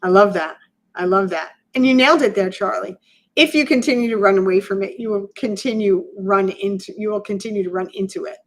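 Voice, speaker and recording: A middle-aged woman co-hosting a podcast in an open, reflective conversation. She talks candidly and in a relaxed way, often filling her pauses with "you know". Her pitch sits in the middle range for a woman. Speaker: podcast co-host.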